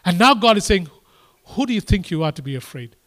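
Preacher, male, higher-pitched, emphatic and repetitive sermon delivery. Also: very animated, brisk, a bit bright. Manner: emphatic, repetitive, rising to impassioned exhortation.

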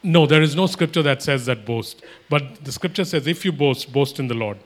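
A man's voice: mid-range voice, moderate pace. A man preaching a sermon, emphatic and repetitive, acting out imagined everyday exchanges.

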